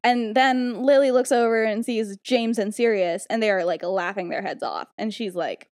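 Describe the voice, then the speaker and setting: A woman's voice: a little high, normal speed, dry recording, studio quality. Giggly woman retelling a story, chatty. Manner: giggly, animated, quotes characters with lots of "like". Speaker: podcast host retelling a story. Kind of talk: casual storytelling chat.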